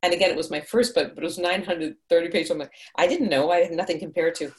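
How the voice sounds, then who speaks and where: With a lowish voice, fairly even intonation, and a quick pace, a middle-aged woman from Hungary chats in an upbeat interview. She works as an actress and audiobook narrator, and her casual answers wander into digressions punctuated by frequent laughter.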